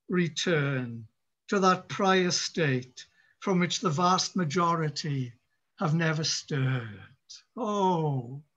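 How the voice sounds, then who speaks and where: A man preaching a sermon in a church, impassioned, with dramatic pauses and repeated phrases. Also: a little high, fairly bright tone, dull audio. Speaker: pastor.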